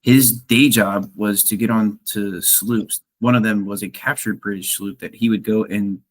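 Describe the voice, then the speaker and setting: A man's voice: fairly low pitch, steady tone, measured pace. A man on a podcast panel talking enthusiastically and laughing often. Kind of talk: casual discussion.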